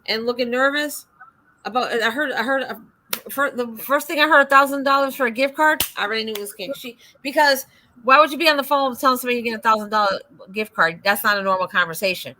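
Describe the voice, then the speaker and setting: Fast-talking animated woman storyteller. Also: fairly high pitch. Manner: animated storyteller, acts out quoted dialogue. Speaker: livestream host. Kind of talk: casual chat.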